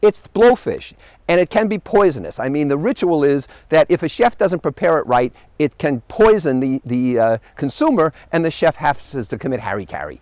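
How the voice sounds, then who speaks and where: Male host, high animated voice, wry anecdotal travel monologue, dry close sound. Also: normal speed, no room sound. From United States. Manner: animated storyteller, wry punchlines.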